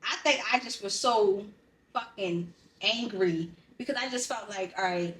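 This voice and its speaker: A woman's voice: mid-range voice, a little slow, a bit bright. Woman talking bluntly in a roomy space. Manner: blunt, profane, emotionally raw storytelling. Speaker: podcast co-host. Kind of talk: candid personal conversation. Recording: roomy sound, distant from the mic.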